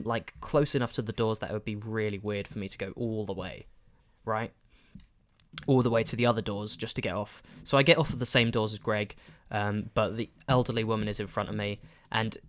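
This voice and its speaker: Guy chatting on a podcast, um-ing a lot, mid pitch, animated. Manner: rambling, animated, lots of fillers. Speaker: podcast host. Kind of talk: casual storytelling.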